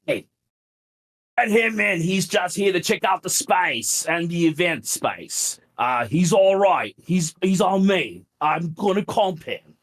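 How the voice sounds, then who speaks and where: A man imitating a cheery, welcoming British male club promoter in a put-on British accent, raising his voice high above his own. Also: very animated, takes it slowly, exaggerated voice. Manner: chummy, breezy.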